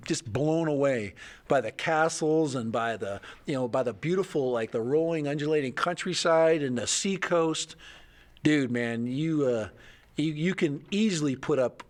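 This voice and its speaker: A middle-aged man hosting a live stream, chatting casually and rambling, often restarting his sentences and laughing. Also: fairly high pitch.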